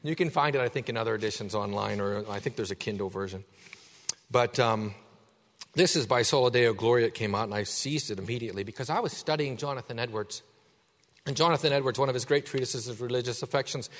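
A pastor preaching a sermon, swinging from hushed asides to loud, driving emphasis. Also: male voice, mid-range voice, fast talker. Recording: hall reverb.

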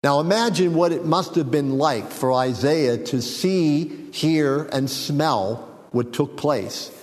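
A man preaching a sermon, teaching in an unhurried, reflective way with frequent fillers and small jokes. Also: a little high, long reverb tail. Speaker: pastor.

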